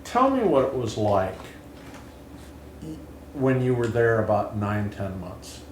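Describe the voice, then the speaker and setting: A man in his seventies, hosting an interview and telling his own story in an earnest, halting way with frequent restarts. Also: lowish voice, sing-song. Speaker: interview host and Vietnam veteran. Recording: roomy with faint hiss.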